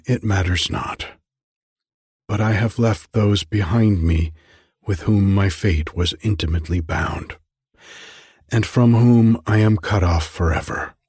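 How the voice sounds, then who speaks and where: A man's voice: on the low side, a little mellow, breathy edge, no room sound, clean studio sound, exaggerated voice. A man voicing a troubled, desperate young lady who speaks earnestly in formal, archaic words.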